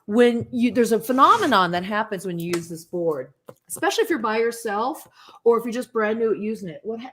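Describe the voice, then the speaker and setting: Appearing as a talk-show guest, a woman with a slightly high voice tells stories casually and with animation, acting out the voices of the people she quotes.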